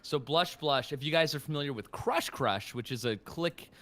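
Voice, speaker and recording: Self-deprecating man rambling with animated pitch. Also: moderate pace. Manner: rambling, self-deprecating, lots of fillers and restarts. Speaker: voice actor guest. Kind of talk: casual podcast chat.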